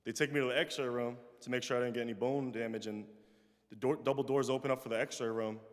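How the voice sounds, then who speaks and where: A young man tells a personal story to a chapel audience, his voice carrying a long reverb through the large space. He talks in an ordinary middle register, animated, acting out the people he quotes, then going quiet and soft when he reflects. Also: mid-range voice, fast talker. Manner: animated, acts out quoted voices, trails off softly in reflective moments. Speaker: guest speaker.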